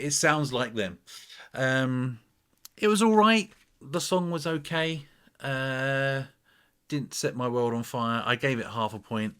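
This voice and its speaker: A man's voice: mid-range voice, fairly bright tone. A man rambling through a casual album review, full of fillers and asides.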